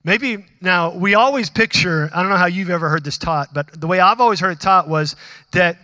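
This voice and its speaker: A pastor delivers a sermon in a high, bright voice, talking casually with the congregation and putting questions to them. He acts out conversations with God in sudden animated bursts. His voice sits close and dry on the mic, with a long reverb tail from a large hall behind it. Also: a little fast.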